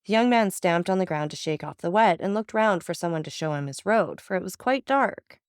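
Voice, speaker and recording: A woman narrating a classic novel as an audiobook reader, telling it in a steady, even way. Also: on the low side, a little fast, smooth, no echo, clean studio sound.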